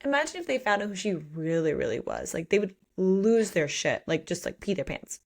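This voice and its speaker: Woman podcast host, chatty and expressive, riffing on a fantasy novel with friend. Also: mid-range voice, normal speed. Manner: animated retelling with acted-out quotes and swearing. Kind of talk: casual book chat.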